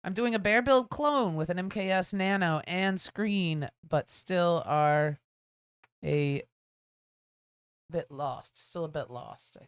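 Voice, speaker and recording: Lower-voiced woman chatting on a live stream. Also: slow pace, clear, resonant tone. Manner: chatty, reads viewer comments aloud. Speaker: co-host. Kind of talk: casual live stream chat.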